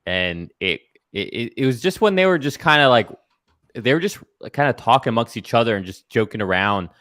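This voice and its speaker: A man hosting a casual panel discussion, talking in a relaxed, laid-back way. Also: mid-range voice, brisk, no room sound. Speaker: host.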